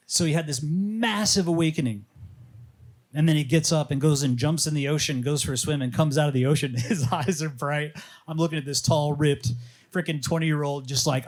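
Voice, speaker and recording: A fasting coach with a fairly high-pitched voice speaks on a live panel held outdoors or in an open venue. He tells stories in a relaxed, lively way and performs the voices of the people he's quoting.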